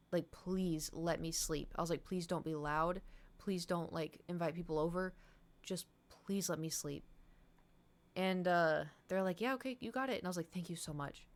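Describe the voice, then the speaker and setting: A young adult woman streaming and chatting with viewers, telling a rambling, animated story with laughs. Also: on the low side. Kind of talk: casual chat with stream viewers.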